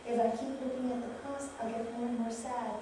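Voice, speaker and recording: A woman's voice: on the high side, level tone, a little fast, heavy background noise. A woman, a raja yoga teacher, giving a spiritual talk and telling parables with acted voices. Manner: storytelling, acts out voices in her tales. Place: venue in a retreat. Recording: roomy echo from a distant mic, faint ambience.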